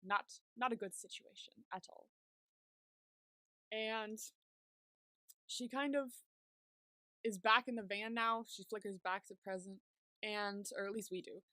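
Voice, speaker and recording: A woman's voice: mid-range voice, fairly even intonation, a little slow, pauses often, pushed and bright, dry recording. A young woman co-hosting a podcast, casually recapping a series with lots of "like" fillers. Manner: chatty, many "like" fillers while retelling scenes. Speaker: podcast co-host.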